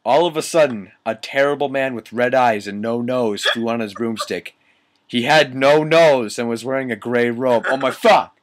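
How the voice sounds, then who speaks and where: A man's voice: medium pitch, moderate pace. A man giving a comedic reading of a bad story, incredulous and swearing, often cracking up. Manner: incredulous, swearing, breaks into laughter. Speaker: reader.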